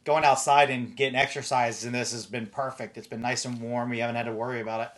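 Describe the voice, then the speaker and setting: A man's voice: mid-range voice, fairly even intonation, fast talker, fairly bright tone. Laid-back American male host. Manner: easygoing, laughs often, reads viewer questions. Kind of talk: casual interview chat.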